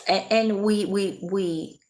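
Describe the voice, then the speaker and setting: A woman's voice: medium pitch, steady tone, slow, darkish tone. A woman vlogging casually, rambling and laughing often as she talks. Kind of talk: casual commentary to camera.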